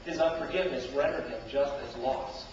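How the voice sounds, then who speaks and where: A male pastor preaching a sermon with dramatic storytelling, sweeping from loud outbursts to hushed tones. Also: mid-range voice, a little fast, slight background noise. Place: church sanctuary. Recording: echoey church hall from far off, dull lo-fi. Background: church hall reverb.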